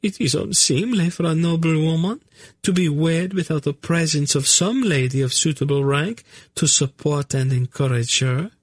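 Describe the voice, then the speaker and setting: A timid young noblewoman , put on by a male narrator, pleads in a faltering, trembling voice, pitched well above his own. The tone stays husky and close, with old-fashioned courtly phrasing. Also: moderate pace, dry recording. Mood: trembling, pleading. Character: timid, tearful young noblewoman, archaic speech.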